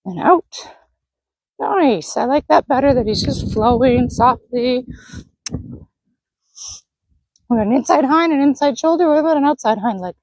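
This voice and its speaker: A woman's voice: high voice, unhurried, pauses often, dry recording, low-quality recording. Woman coaching a horse on the lunge. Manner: calm coaching, talking to the horse. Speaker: horse trainer. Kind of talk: narrated lunging session. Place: outdoor arena.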